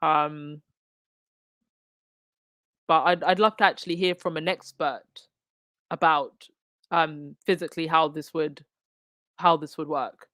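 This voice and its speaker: A woman's voice: low voice, steady tone, slow pace, long pauses, a bit bright, no room sound, clean studio sound. A woman with an Essex accent chatting casually as host of a commentary livestream, reading out articles and viewer comments with lots of restarts. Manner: frequent restarts and fillers.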